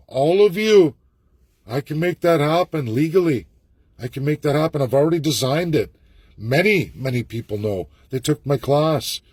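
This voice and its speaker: A man's voice: fairly high pitch, slightly rough, dry recording. A Canadian man, a political candidate, giving a fervent, repetitive ranting video monologue with urgent appeals.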